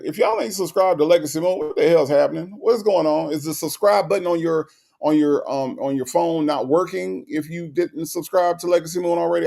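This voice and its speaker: Guy ranting on his stream, gravelly voice, sarcastic, keeps repeating himself. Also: a little high, darkish tone. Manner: emphatic, repetitive, sarcastic ranting. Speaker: live stream host. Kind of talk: casual commentary to chat.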